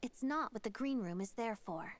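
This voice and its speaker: An actress voices an aloof, weary stage performer in a video game, in whispered role-play. She speaks curt and hushed, with sighs. Her voice sits somewhat high. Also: expressive, normal speed, close to an everyday voice.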